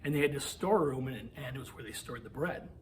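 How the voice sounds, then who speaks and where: A man tells a saint's story to teenagers in a loose, conversational way, slipping into quoted voices. His pitch sits in the middle range. A faint hiss runs under the recording. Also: fast, rough recording. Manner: chatty, lots of "like" and quoted asides. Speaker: youth ministry presenter. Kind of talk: casual storytelling talk to teens. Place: parish meeting room.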